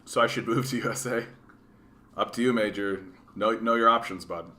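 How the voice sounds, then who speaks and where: Blunt, profane man, bright voice. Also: fairly low pitch, fairly even intonation, normal speed. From Canada. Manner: blunt, profane ranting full of "like" and "right?". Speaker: political livestream host. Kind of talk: livestream commentary answering chat.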